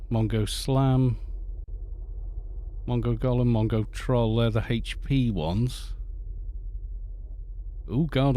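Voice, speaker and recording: A Welsh man with a medium-pitched, dark-toned voice streams a game from a desk microphone. He chats casually and rambles as he greets viewers during the live stream.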